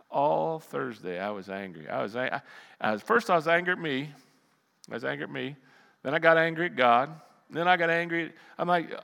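Man, middle-aged, pastor, sermon, high voice, echoing church hall. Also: fairly quick, creaky. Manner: animated storytelling, swings from loud outbursts to quiet asides.

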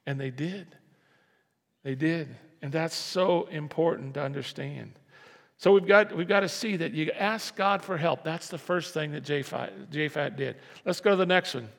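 A man's voice: fairly high pitch, normal speed, gravelly, fairly bright tone. A man preaching a sermon, emphatic, repeating key lines and asking the congregation to answer back. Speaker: pastor. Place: church sanctuary. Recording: echoey church hall.

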